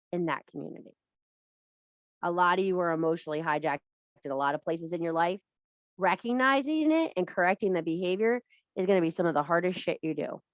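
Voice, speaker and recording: A woman's voice: fairly low pitch, dry recording, highs cut off. A plain-spoken woman teaches her followers about witchcraft in a loose, chatty pep talk. She swears freely and drives her points home by repeating them. Her voice sits close to the mic in a dry, dead space. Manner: blunt and profane, emphatic repetition. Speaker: witchcraft teacher and live streamer. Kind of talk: casual spiritual pep talk.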